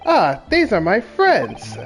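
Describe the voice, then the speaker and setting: Dude putting on a grandiose posh detective, big swings in pitch, light music under it. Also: male voice, wildly swooping pitch, slow, full character voice. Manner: grandiose, theatrical. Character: pompous eccentric English male detective. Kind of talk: reading game dialogue aloud.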